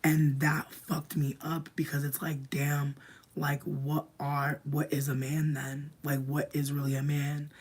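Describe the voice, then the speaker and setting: Sick-voiced streamer, rambling and profane. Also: mid-range voice. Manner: rambling, profane, heavy "like" filler; drops into breathy half-whispers. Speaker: livestreamer answering chat. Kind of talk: casual livestream chat.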